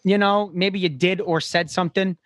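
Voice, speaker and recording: A man's voice: sits high, fairly even intonation, moderate pace, a bit bright, no room sound. A man hosting a podcast, asking probing questions and rambling through his own stories in casual chat. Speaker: podcast host.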